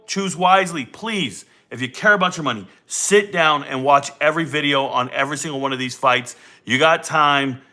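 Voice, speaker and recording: A man's voice: moderate pace, hardly any pauses, sharp tone. A man hosting a casual livestream, brash and joking, talking through his betting picks and teasing chat. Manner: brash, joking, jumps into high teasing voices. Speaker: sports betting streamer. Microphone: desk mic.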